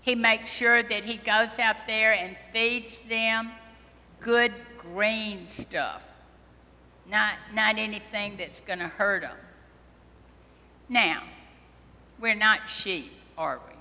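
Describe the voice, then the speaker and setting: A woman priest giving a children's sermon, talking slowly and gently and asking the children questions. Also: medium pitch. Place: church sanctuary. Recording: long church reverb.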